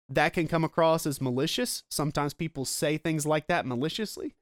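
Earnest preacher with a dry close sound. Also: male voice, fairly high pitch, steady tone, dry recording. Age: adult with children. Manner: earnest, explanatory, slows down for emphasis. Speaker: pastor. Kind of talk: sermon.

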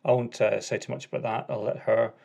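A man's voice: medium pitch, fairly even intonation, a little fast, gravelly, warm tone, dull audio. A middle-aged man hosting a casual solo podcast, chatty, with lots of ums, uhs and restarts. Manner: chatty and self-correcting, frequent ums and uhs. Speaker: podcast host.

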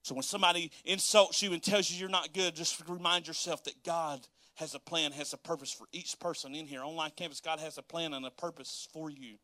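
A man's voice: fairly high pitch, steady tone, fairly quick, hardly any pauses, bright, forceful tone, dry recording. A man preaching a sermon as pastor, folksy and dialect-heavy, laughing often and acting out quotes.

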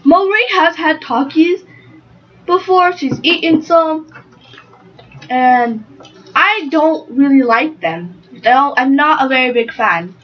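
A woman playing a chatty young female unicorn in an improvised interview, earnest and a bit halting. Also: high-pitched, animated, muffled recording. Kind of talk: improvised role-play interview.

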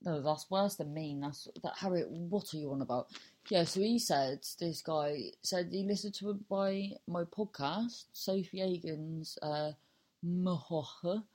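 A woman's voice: lowish voice, measured pace, darkish tone, rough recording. A woman in her thirties hosting her own podcast, talking in a chatty, self-mocking ramble that swears, trails off and restarts. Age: 30s. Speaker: podcast host. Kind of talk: casual rambling monologue.

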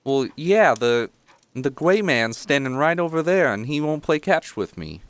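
A man voicing a quiet, eerie little halfling boy who speaks matter-of-factly. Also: a little high, measured pace, dry recording, pitched above the performer's own voice. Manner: flat, matter-of-fact about spooky things.

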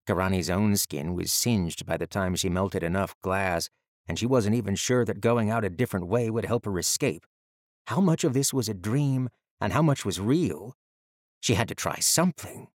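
A man narrating an audiobook in a steady, measured storytelling manner. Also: fairly low pitch, no room sound, clean studio sound.

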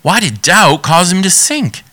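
A man preaching a sermon, reading scripture and asking animated rhetorical questions. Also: high voice, a little slow.

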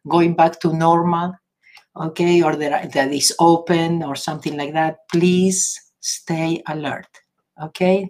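A woman from Argentina with an Argentinian accent hosting a casual livestream, chatty and earnest, laughing often. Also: sits low. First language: Spanish. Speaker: livestream host. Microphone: device camera or phone.

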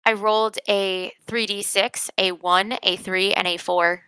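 A woman playing in a tabletop role-playing game, playful and quick to laugh. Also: medium pitch, fairly even intonation, pushed and bright, clean tone, dry recording, low-quality recording. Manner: playful and giggly. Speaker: player. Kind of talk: casual tabletop play.

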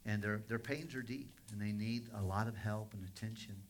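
A pastor with a fairly low-pitched voice delivers a sermon at a moderate pace, in a conversational storytelling style that circles back on itself with frequent restarts. A slight hiss or hum is audible.

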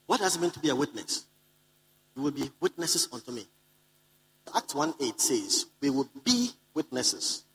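Male preacher, mid-pitched, emphatic and repetitive, addresses the congregation directly. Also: expressive, normal speed, pauses often, a bit bright, low-quality recording. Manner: repeats key lines for emphasis; calls out to the congregation. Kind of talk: sermon to a live congregation. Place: conference hall.

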